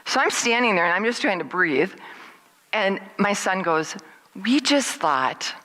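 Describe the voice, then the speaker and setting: Bright-voiced middle-aged woman telling stories. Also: normal speed, poor audio. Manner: lively, acts out what people said with big jumps in pitch. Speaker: guest speaker at a service. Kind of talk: personal storytelling.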